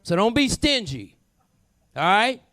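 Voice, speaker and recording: A man's voice: high voice, big pitch swings, unhurried, no echo, studio quality. A man talking from an outdoor stage between blues numbers, repeating phrases like a preacher as he makes an appeal and thanks his band. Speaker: singer and bandleader. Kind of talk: live stage talk between blues songs. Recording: live outdoor set with loud band. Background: live blues band with guitar.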